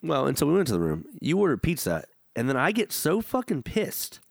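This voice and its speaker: A young man rattles off a profane, rambling story at high speed, his voice bouncing all over. He sits a little higher in pitch than most men. The sound is close and dry. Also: wildly swooping pitch, fairly quick, creaky, dry recording. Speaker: podcast co-host. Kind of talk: casual chat.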